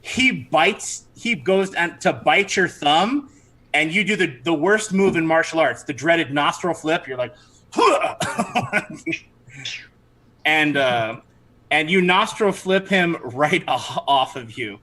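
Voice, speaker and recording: Man game master, bright tone, slightly high, animated, quick self-corrections. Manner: animated, laughing, stops to correct himself. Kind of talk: narrating a tabletop game livestream.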